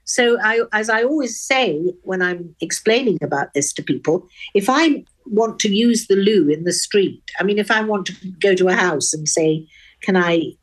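An older Englishwoman with a posh Oxford accent, a guest in a radio interview, speaking frankly and wittily with crisp diction. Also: lowish voice. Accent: upper-class English (Oxford). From England.

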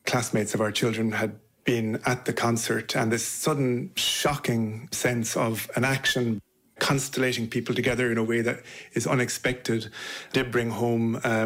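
Man, mid-range voice, thoughtful interview guest who pauses often. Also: medium pitch. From Ireland. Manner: thoughtful, halting with fillers. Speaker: guest poet. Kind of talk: conversational interview.

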